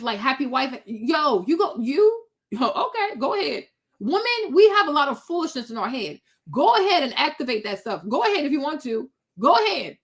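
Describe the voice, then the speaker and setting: A woman host giving blunt, animated reaction commentary in a casual rant. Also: high-pitched. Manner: blunt, animated, preachy ranting.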